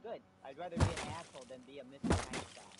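A man's voice: medium pitch, quick pace. A young man in casual gaming voice chat, blunt and argumentative, swearing freely. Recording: loud background noise.

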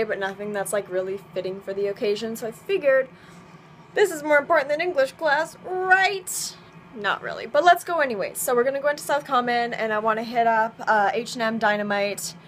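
A young woman from Canada chatting casually to camera in a daily vlog, swearing freely and joking at her own expense. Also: mid-range voice. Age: young adult. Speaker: vlogger.

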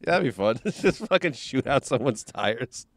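A man riffs with a co-host, laughing between crude jokes. His voice sits at an ordinary middle pitch for a man. The sound is close and dry, recorded inside a car. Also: lively intonation, a little slow, no room sound. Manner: laughing, joking, profane. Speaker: podcast co-host. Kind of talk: casual chat.

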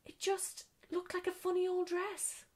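A woman reading a storybook aloud and voicing a polite, apologetic little girl with a small, soft voice. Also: very high-pitched, completely flat delivery, measured pace, pitched above the performer's own voice. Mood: earnest.

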